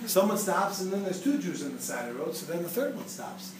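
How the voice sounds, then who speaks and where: A man giving a humorous teaching talk to a live audience, quizzing them with quick questions. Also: sits high, big pitch swings. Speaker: speaker teaching a class. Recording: echoey room, distant mic, noisy.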